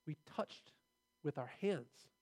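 A man's voice: on the high side, expressive, slow, a little mellow. A man preaching a sermon, earnest and building to emphatic, repeated phrases as he drives his points home.

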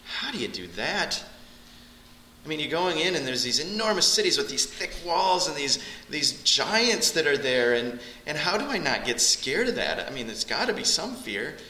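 At a normal speed, a man teaches through a Bible passage in a very bright, forceful tone. He is animated, and his pitch shoots up sharply when he drives a point home. The room echoes strongly, with a faint hiss underneath.

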